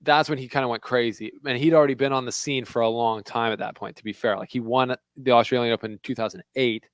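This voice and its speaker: A young Canadian man co-hosts a podcast in casual chat, his clear, resonant, medium-pitched voice quick and fairly even in intonation. Recorded dry, he talks loosely and chattily, packing in lots of "like" fillers.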